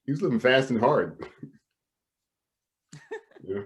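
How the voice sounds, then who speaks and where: A man's voice: medium pitch, lively intonation, very slow. A young man hosting a podcast over a video call, rambling casually with many fillers and frequent laughter. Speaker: podcast host. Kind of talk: casual comedic chat.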